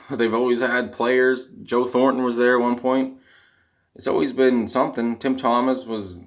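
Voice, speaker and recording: A young Canadian man ranting casually to camera in a rambling, dejected, exasperated way, his voice cracking at times. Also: lowish voice. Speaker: vlogger, hockey fan.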